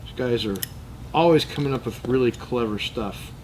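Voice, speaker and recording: An American channel host with a mid-range voice chats at a moderate pace while disassembling and cleaning a gun, thinking aloud, muttering and joking in rambling tangents as his hands work. The rough recording carries a little hiss or hum.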